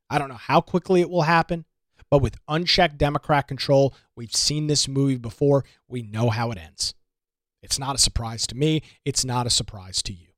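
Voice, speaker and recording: A man hosts a political radio talk show, delivering an emphatic, indignant monologue packed with rhetorical repetition. His mid-range voice is a bit bright, recorded with clean studio sound and no room sound.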